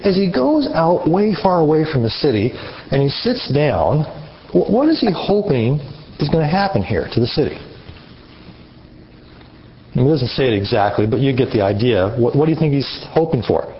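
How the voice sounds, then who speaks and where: Animated male preacher, lively pitch. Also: normal speed, slight background noise. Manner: animated, questions the audience. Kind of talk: interactive sermon. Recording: muffled lo-fi recording.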